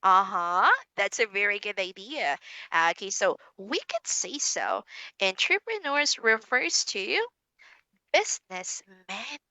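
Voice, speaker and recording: A young woman with a Filipino English accent teaching an online English lesson to a child, slow and encouraging, calling herself teacher. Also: medium pitch, sing-song, bright, forceful tone, no echo.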